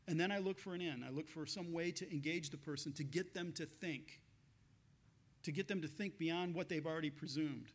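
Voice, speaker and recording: A man's voice: a little high, normal speed. A man pastor giving a conversational sermon, telling stories with frequent laughs and restarts.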